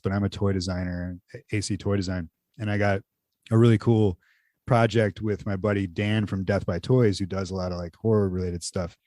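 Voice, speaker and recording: A man's voice: on the low side, no room sound, studio quality. A man co-hosting a podcast in casual chat, rambling loosely and full of "like" fillers. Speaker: podcast co-host.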